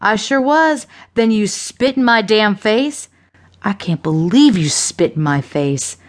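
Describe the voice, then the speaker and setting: Narrator doing nasty cursing femme fatale, taunting, slow and drawn out. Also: female voice, mid-range voice, animated. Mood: menacing. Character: ruthless foul-mouthed woman, cold and vicious.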